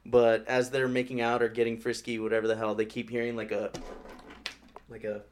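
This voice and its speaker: A man's voice: mid-range voice, completely flat delivery, a little fast, a little hiss or hum. A man co-hosting a casual chat, retelling a scary story in a laid-back way with plenty of fillers. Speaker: podcast co-host. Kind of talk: casual chat among friends.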